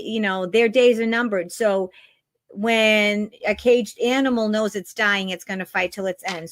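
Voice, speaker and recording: A woman's voice: medium pitch, a bit bright, no echo. Woman spiritual host, earnest and a bit preachy, dry close sound. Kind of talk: spiritual talk show.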